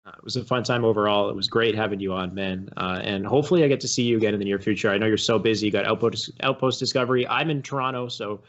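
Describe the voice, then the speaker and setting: A man's voice: on the low side, fast talker, few pauses, a bit bright, dull audio. A man hosting a show, chatting easily with his guest and laughing often before wrapping up. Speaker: show host. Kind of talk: casual interview and show wrap-up.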